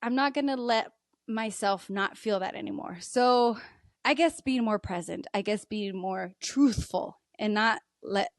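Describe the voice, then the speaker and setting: A woman's voice: a little slow, dry recording, studio quality. A woman in her thirties guesting on a podcast, talking openly and emotionally, often laughing and quoting her own thoughts. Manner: emotional and open, laughs often, quotes herself in a higher voice. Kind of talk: candid interview talk.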